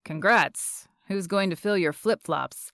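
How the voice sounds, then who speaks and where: A woman's voice: fairly low pitch, measured pace, fairly bright tone, no echo, studio quality. A woman voicing an easygoing, charming young male surfer with a wry way of talking, in an audiobook.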